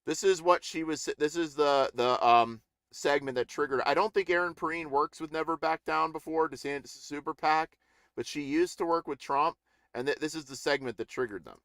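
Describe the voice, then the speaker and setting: A man's voice: on the high side, normal speed, fairly bright tone, no echo, clean studio sound. A middle-aged man ranting in a casual political live stream, rambling and indignant with many restarts.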